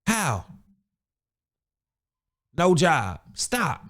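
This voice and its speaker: A young adult man hosting a podcast, ranting bluntly in street slang with casual, animated delivery. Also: fairly high pitch, drawn-out words. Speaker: podcast host. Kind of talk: casual motivational rant.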